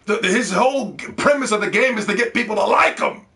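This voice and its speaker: Guy ranting about consoles, cussing a lot, kinda high voice, stumbles over words. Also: fairly quick, sharp tone. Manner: heated, profane, repeats words when worked up. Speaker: gaming video host. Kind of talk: ranting video commentary.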